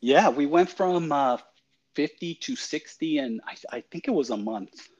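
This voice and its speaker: A man's voice: on the high side, expressive, unhurried, a little mellow, highs cut off. A man hosting a podcast, chatting with his guest in an earnest, reflective way. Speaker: podcast host. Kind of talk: casual interview chat.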